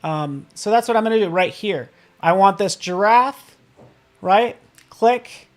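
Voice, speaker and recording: A man hosting a live software tutorial, upbeat and playful, often checking in with the viewers and tossing in silly sound effects. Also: sits high, a little slow. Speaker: design software instructor.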